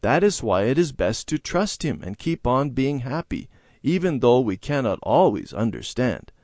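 A man reading aloud and voicing a gentle, patient Sunday school teacher who explains things to children. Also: medium pitch, sing-song, moderate pace, no room sound, clean studio sound. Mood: reassuring. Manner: gentle and instructive.

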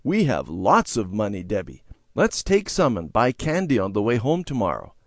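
A man voicing a young boy who tells fibs in a children's storybook, speaking a little higher and coaxing. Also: wildly swooping pitch, normal speed, dry recording, clean studio sound. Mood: wheedling. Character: young boy, fibbing and sulky.

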